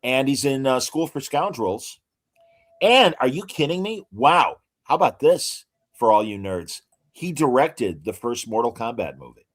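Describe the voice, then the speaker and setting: A man's voice: medium pitch, sing-song, measured pace. A man co-hosting a podcast, chatting casually and reeling off trivia with many filler words. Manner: enthusiastic, trivia-heavy, lots of fillers. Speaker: podcast co-host. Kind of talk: casual chat.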